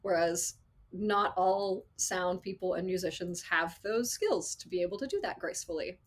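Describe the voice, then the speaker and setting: A woman working as an associate sound designer, telling stories in a casual interview, animated and acting out quotes with frequent laughs. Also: on the low side, moderate pace. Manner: animated storyteller, acts out quotes, laughs often.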